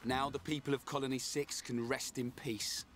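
A man's voice: medium pitch, flat delivery, normal speed, fairly bright tone, soft background music, natural voice. An actor playing a blunt, cocky young male fighter in a video game.

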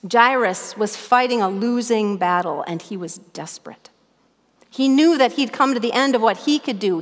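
A middle-aged woman from northern Minnesota preaching a sermon as pastor, telling stories in an earnest, animated way. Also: a little high, long reverb tail. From northern Minnesota, USA.

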